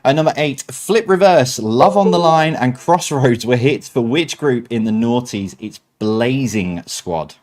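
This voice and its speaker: A man's voice: medium pitch, lively intonation, measured pace, few pauses, darkish tone. A man hosts a quiz night over a stream. He reads each answer in a chatty, easygoing way. He breaks off now and then with self-mocking remarks. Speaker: quiz host.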